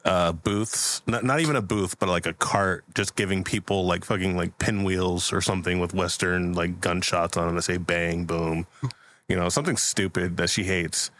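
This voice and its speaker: Rambling low-voiced man telling a story. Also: fairly even intonation, moderate pace, a bit bright. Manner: rambling, full of likes and fillers. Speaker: podcast host. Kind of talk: improvised comedy storytelling.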